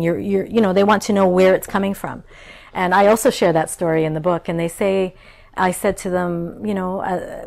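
Creaky-voiced woman telling stories. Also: on the low side, steady tone, a little fast. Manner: warm storytelling, acts out childhood voices. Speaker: chef and cookbook author. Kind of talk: interview conversation.

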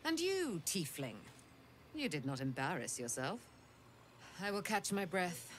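A stern warrior paladin. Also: female voice, on the low side, wildly swooping pitch, slight background noise. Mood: proud. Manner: terse, grave, measured. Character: stern battle-hardened female paladin warrior.

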